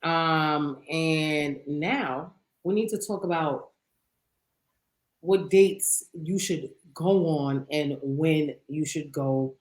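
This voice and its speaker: A woman co-hosting a podcast, chatting casually in an animated, profane way and laughing often. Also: low-pitched, drawn-out words, reverberant, poor audio. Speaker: podcast co-host. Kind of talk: casual chat.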